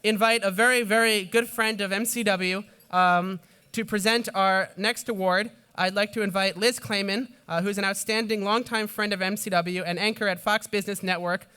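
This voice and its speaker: High bright-voiced man at a gala podium. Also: steady tone, smooth. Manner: halting, many fillers. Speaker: charity executive director. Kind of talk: gala emcee introduction. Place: banquet hall. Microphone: podium microphone. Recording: reverberant hall with crowd murmur.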